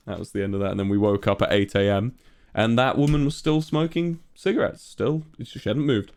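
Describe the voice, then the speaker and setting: A man's voice: medium pitch, expressive, fast talker, a little mellow. A young man, a streamer and musician, telling a long rambling story on a livestream and swearing often.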